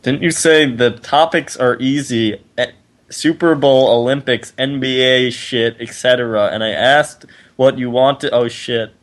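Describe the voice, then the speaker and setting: A man's voice: medium pitch, fairly even intonation, a little slow. A man co-hosting a casual podcast, swearing freely and reading friends' posts aloud in mocking voices. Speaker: podcast co-host.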